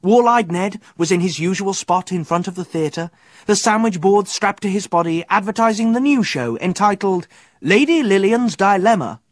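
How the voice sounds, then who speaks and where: A man narrating a children's story aloud in a measured storytelling manner. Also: sits high, no room sound. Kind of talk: audiobook narration.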